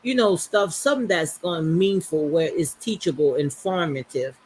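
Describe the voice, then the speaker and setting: A woman's voice: fairly low pitch, normal speed, a little mellow, a little hiss or hum. A woman from the New Orleans area with a Southern Louisiana accent, hosting a casual livestream chat and calling her guest "girl" a lot. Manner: chatty, many "girl" and "you know" fillers. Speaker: livestream host.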